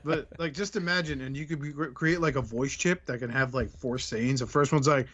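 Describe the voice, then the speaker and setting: A man's voice: mid-range voice, fairly even intonation, fairly quick, a bit bright, husky. A man co-hosting a podcast in casual chat, joking around and swearing freely. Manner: crude, joking, profane. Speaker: podcast co-host. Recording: dull lo-fi audio.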